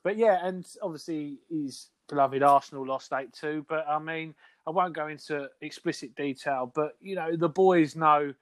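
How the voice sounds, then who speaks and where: A man's voice: fairly high pitch, normal speed, dry recording. A man, co-hosting a podcast, teasing a friend in cheeky casual banter. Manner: cheeky, teasing, laughs along. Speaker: podcast co-host.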